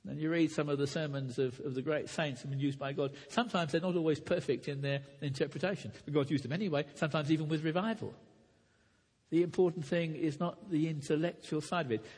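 A man preaching in a large church hall, his slightly raised voice husky and edged with breath. He speaks earnestly, restarts phrases, and climbs to emphatic peaks. A long reverb trails each line. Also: fairly high pitch, steady tone, quick pace, a little mellow. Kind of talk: sermon to preachers.

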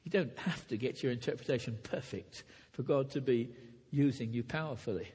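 Husky-voiced preacher in an echoey hall. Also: male voice, mid-range voice, a little fast, darkish tone. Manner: earnest, with frequent restarts and rising emphatic peaks. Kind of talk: sermon to preachers.

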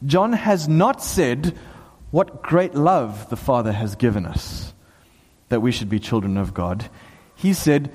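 A man preaching a sermon to a small gathering, talking with lively excitement and bursts of emphasis. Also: mid-range voice, slow, slightly rough. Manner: animated, bursts into excited shouts and laughs. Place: small hall with a few people. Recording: long hall reverb.

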